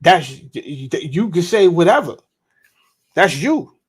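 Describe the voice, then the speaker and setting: A man hosting a podcast livestream, talking in a relaxed, casual, slangy way. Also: fairly high pitch, measured pace, breathy edge. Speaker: podcast host.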